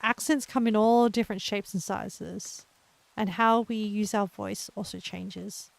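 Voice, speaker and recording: A young woman with an Australian accent, chatting gently and encouragingly with her live viewers as a streamer, laughing often. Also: mid-range voice, fairly even intonation, measured pace, gravelly. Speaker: livestreamer. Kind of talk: casual chat with live viewers.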